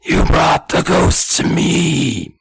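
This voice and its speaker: A man's voice: fairly high pitch, slow, vocal fry, husky, no room sound, pitched above the performer's own voice, heavily acted. A man putting on a creepy whispering old man. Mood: menacing. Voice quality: strained loud whisper.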